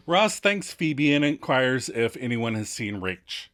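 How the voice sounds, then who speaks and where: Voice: mid-range voice, a little slow. A podcast co-host casually recapping a sitcom episode, acting out the characters' lines with lots of energy. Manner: animated, acts out quotes.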